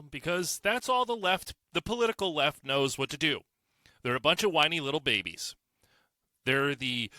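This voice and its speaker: A man's voice: mid-range voice, pushed and bright, dry recording. Blunt, profane man ranting. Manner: blunt, profane, sarcastic, heated. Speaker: podcast host. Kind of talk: solo opinion podcast rant.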